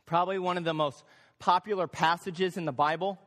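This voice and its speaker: A man preaching a sermon as pastor, animated, repeating phrases for emphasis and acting out little voices. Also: sits high, fairly quick. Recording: long hall reverb.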